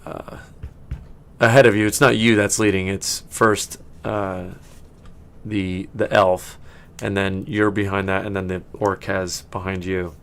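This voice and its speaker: A man serving as game master for a tabletop game narrates at a measured pace in a low, level, slightly bright voice. He rambles, full of fillers and restarts, and laughs often.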